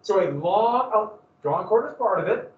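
A man's voice: high voice, lively intonation, moderate pace. A man teaching a history class, telling the story with energy and asking his students questions. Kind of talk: classroom lecture. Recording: roomy, distant, dull classroom recording.

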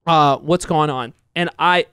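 A man's voice: on the high side, a little slow, clear, resonant tone, dry recording, studio quality. A young man co-hosting a podcast, telling a story with lots of laughter and acted-out quotes. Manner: animated storyteller, laughs often, acts out quotes. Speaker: podcast co-host. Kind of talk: casual storytelling chat.

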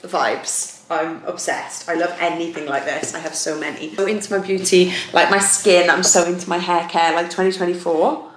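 A young woman vlogs to camera in casual chat, bubbly and full of fillers, at home indoors and while out walking. Her lowish voice keeps fairly even intonation at a moderate pace. The audio has a roomy echo and faint noise.

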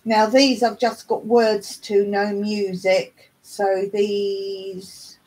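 Middle-aged woman from England, husky and chatty, hosting a casual live stream. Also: medium pitch, flat delivery, extremely slow, darkish tone, poor audio. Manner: chatty, reads aloud and sings snatches. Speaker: livestream host.

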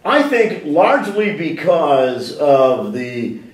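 Animated talkative man in a roomy space. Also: fairly high pitch, slow, distant mic. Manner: animated and talkative, with frequent restarts and rhetorical questions. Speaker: interview guest. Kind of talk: sit-down interview. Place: library room.

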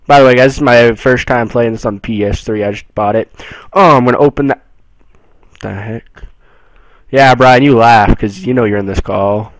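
A young man giving casual commentary on a horror game, excitable and jumpy, moving between low mutters and sudden yells. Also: normal speed, no room sound, poor audio. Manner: jumpy, excitable, swings from mumbling to yelling. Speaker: gameplay streamer.

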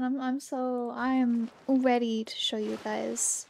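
A woman streaming a game and chatting casually with her viewers, bubbly and greeting them by name, with a slightly hoarse morning voice. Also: fairly high pitch, little pitch movement, slow, darkish tone, faint music behind. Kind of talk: casual livestream chat.

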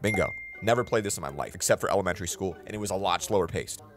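A man's voice: low voice, racing, noisy background. A young man hosting a reaction video, chatting casually and jokingly straight to his viewers. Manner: animated, jokey, talks straight to viewers with slang.

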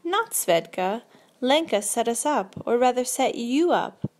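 Woman voicing a nervous young man, slangy, muttering, sour, higher-pitched. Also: lively intonation, a little slow, a little mellow. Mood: agitated.

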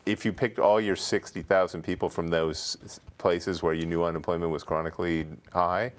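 A man's voice: low-pitched, little pitch movement, normal speed. A man on a community TV talk panel, thinking aloud in a casual, thoughtful way. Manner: thoughtful, reasons aloud with restarts. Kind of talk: casual talk show discussion. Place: community access TV studio.

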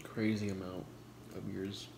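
Casting: young guy, low voice, relaxed slangy mukbang chat between bites, echoey noisy room. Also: measured pace, creaky. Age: 20s. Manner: laid-back slangy talk with frequent swearing; talks between bites while eating. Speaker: vlogger.

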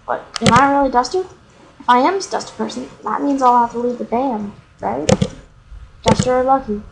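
A woman's voice: on the high side, moderate pace, vocal fry. A woman doing casual let's play commentary, reading the game's dialogue aloud with playful asides. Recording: noisy home recording.

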